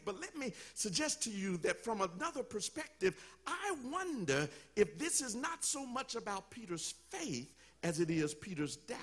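A man preaching a sermon in a church, telling the story with animated call-and-response to the congregation. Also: high voice, moderate pace, few pauses, breathy edge. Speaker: pastor.

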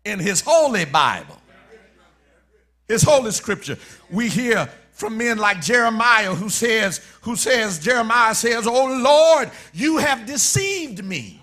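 A man preaching a sermon, emphatic and repetitive, shifting between quiet lines and shouted ones. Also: high-pitched, big pitch swings, slow pace.

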